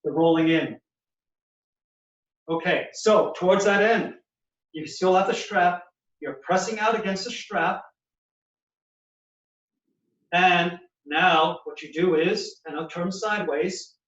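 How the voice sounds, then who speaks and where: A man's voice: high-pitched, unhurried, a bit bright. A male physical therapist explaining and demonstrating knee exercises step by step in a clinic. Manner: instructive, explains while demonstrating movements. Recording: echoey, distant, dull sound.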